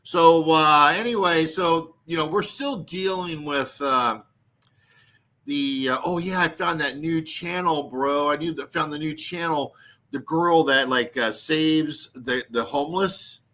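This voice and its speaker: A man's voice: fairly high pitch, unhurried, pushed and bright. A man hosting a livestream, rambling crudely, swearing, and laughing often. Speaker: livestream host. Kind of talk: rambling casual livestream chat.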